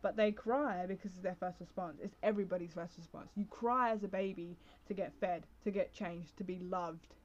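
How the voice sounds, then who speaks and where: A woman's voice: on the low side, fairly even intonation, brisk, few pauses. A young adult woman hosting a casual solo podcast, rambling with lots of fillers and restarts. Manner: rambling, full of fillers and self-interruptions. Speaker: podcast host. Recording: slightly dull lo-fi recording.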